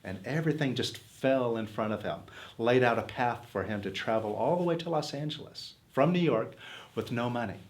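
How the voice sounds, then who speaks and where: A man's voice: mid-range voice, normal speed. A man teaching self-help in an earnest, coaxing motivational talk, posing questions to his listeners.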